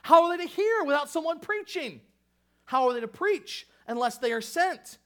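A pastor delivering an impassioned sermon, emphatic and repetitive, swinging from raised fervor to hushed intensity. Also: male voice, very high-pitched, lively intonation, moderate pace. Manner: impassioned, emphatic preaching with repeated phrases.

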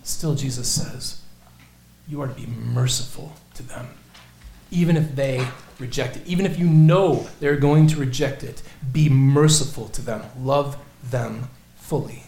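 Earnest preaching man, roomy echo. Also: a little slow. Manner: earnest preaching, rising to emphatic peaks then dropping low and soft. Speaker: pastor. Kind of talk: sermon.

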